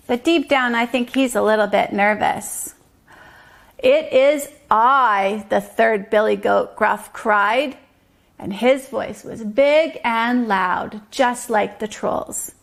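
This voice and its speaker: A woman teacher reading a story aloud to toddlers, slow and gently explaining. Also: a little high, gravelly. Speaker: preschool teacher.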